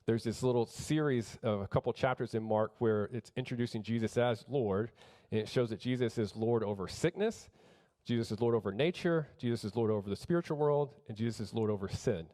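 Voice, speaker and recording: A man's voice: mid-range voice, brisk. Emphatic male pastor preaching. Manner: emphatic, rising louder on key lines, with frequent restarts. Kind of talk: sermon.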